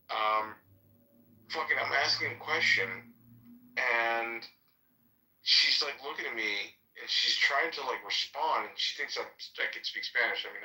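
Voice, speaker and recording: A man with a very bright, sharp tone talking casually on a podcast, rambling through stories with plenty of fillers and swearing. His voice sounds roomy and set back from the mic. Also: mid-range voice, distant mic. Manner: rambling, profane storytelling with fillers.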